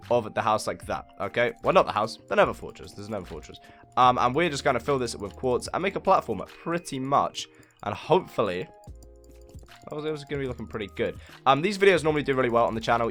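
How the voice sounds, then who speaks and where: A man's voice: mid-range voice, a bit bright. A man hosting a casual building tutorial while he plays, talking in a rambling, laid-back way with lots of fillers and self-mocking asides. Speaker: game building channel host.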